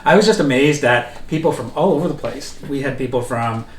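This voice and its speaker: A man's voice: medium pitch, fairly quick, a little hiss or hum. Canadian guy teasing his cohost, dry delivery, mic a bit far, echoey room. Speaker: podcast co-host. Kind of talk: casual chat. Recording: roomy, mic at a distance.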